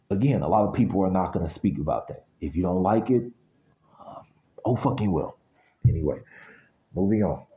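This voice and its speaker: American guy doing a reading, low voice, blunt and sweary, kinda muffled audio. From United States. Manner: blunt, ranting, swears freely. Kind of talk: casual spiritual reading monologue.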